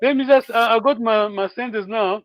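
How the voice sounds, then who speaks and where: A man teaching a language class online, encouraging students and repeating words slowly so they can copy them. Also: very high voice, no echo.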